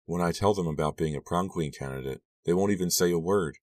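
A man's voice: low-pitched, quick pace, darkish tone, no room sound, distant mic, lightly acted. A man voicing a self-centered, theatrical teenage girl in an audiobook. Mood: glum.

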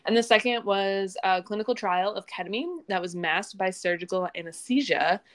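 A young woman with a Midwestern accent, co-hosting a science podcast in relaxed, self-amused casual talk. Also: mid-range voice, normal speed. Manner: relaxed, laughs at herself, fillers. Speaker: podcast co-host. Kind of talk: casual chat, reading show updates.

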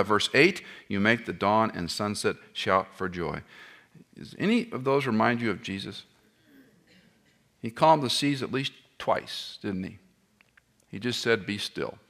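A man preaching an expository sermon, animated, firing rhetorical questions at the audience and dropping joking asides. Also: medium pitch.

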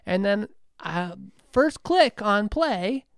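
A man co-hosting a podcast, telling stories in an animated, chatty way and laughing often. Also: high voice, slow, creaky, smooth, dry recording, clean studio sound. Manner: animated storyteller, acts out quotes, laughs often. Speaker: podcast co-host. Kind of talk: casual chat.

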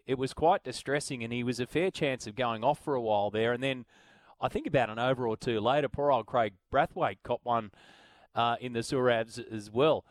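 A man with an Australian accent hosting talkback sports radio, chatty, and animated when he reads out listener messages. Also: mid-range voice, dry recording.

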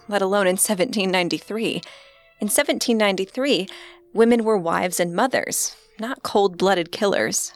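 A woman with a mid-range voice narrates a true-crime podcast from a script. Her delivery is steady and even, like a storyteller, with faint music underneath. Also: medium pitch.

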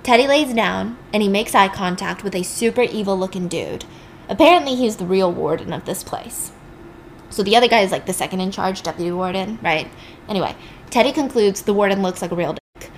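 A woman's voice: mid-range voice, expressive, fairly quick, slight background noise. A young woman casually recapping a film story with chatty, sarcastic asides.

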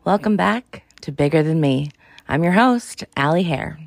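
A young adult woman hosting a podcast, talking in a sassy, exasperated, animated way. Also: sits low, a little slow, vocal fry, no echo, studio quality. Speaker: podcast host. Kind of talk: casual monologue.

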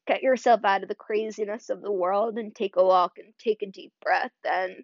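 This podcast host, a young adult woman, delivers a heartfelt monologue alone, her voice choked up. Medium in pitch, steady in tone, and moderate in pace, she rambles with many "like" and "you know" fillers. The lo-fi audio is dry, slightly dull, and echo-free.

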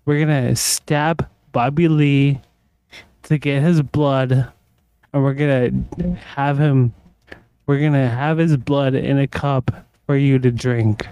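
A man's voice: medium pitch, steady tone, slow, mellow, clear, resonant tone. A drunk man co-hosting a podcast, rambling and repeating himself with bursts of laughter. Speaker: podcast co-host. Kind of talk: casual chat.

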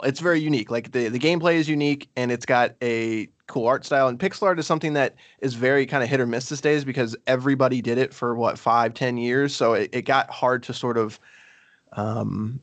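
A man co-hosts a relaxed game review conversation. He rambles, fills pauses with ums and restarts his sentences often. The sound is dry, with little room around his voice. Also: mid-range voice, no echo. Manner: rambling, many fillers and restarts. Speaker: podcast co-host. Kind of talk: casual game review chat.

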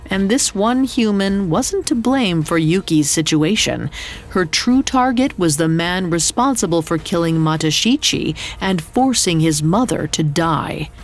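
A woman narrates a folk tale in a dramatic, scripted style. Her voice is gravelly with vocal fry and sits a little low. She speaks very slowly, with soft music playing beneath her. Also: animated. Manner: slow, dramatic storytelling delivery. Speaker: podcast narrator. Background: faint music.

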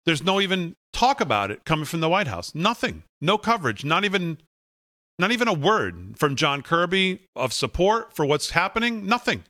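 Male talk host, sarcastic and brisk, highish, sharp-toned voice. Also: big pitch swings, dry recording, studio quality. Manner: brisk and sarcastic, asking rhetorical questions. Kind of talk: casual political commentary.

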